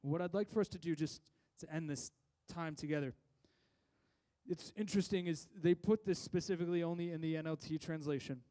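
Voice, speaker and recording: Guy preaching at church, high mellow voice, chatty with lots of restarts, gets loud then drops soft. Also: a little fast. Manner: conversational, with frequent restarts and voiced asides; rises and drops in loudness for emphasis. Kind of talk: sermon.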